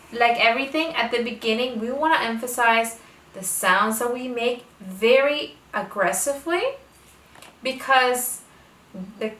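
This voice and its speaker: A homeschooling mother explaining how she teaches her children to read, speaking slowly and stretching out the letter sounds. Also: a little high, fairly bright tone. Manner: slow, deliberate, exaggerates phonics sounds. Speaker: homeschooling parent teaching reading. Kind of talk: instructional talk to camera. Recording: echoey room, voice a bit far from mic.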